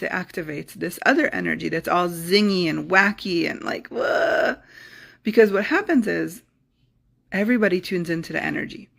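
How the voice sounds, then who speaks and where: Host: middle-aged woman, gravelly edge, animated storyteller talking to camera. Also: lowish voice. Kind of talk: casual talk to camera.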